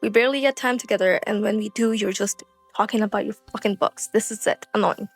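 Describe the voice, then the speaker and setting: A woman's voice: medium pitch, husky, soft background music. A woman mimicking an exasperated boyfriend. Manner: rapid, exasperated complaining. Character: exasperated young adult boyfriend.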